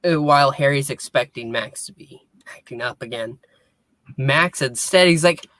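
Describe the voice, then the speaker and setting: A podcast co-host calmly summing up an episode's scenes, with small hesitations and quoted lines. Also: medium pitch, normal speed, no echo. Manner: plain storytelling with little hesitations and quoted lines. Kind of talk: casual episode recap chat.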